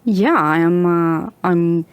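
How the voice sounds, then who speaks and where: A woman playing in a tabletop game, talking plainly and asking quick questions about the scene. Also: on the low side, smooth, no echo, studio quality. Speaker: player. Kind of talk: casual tabletop play.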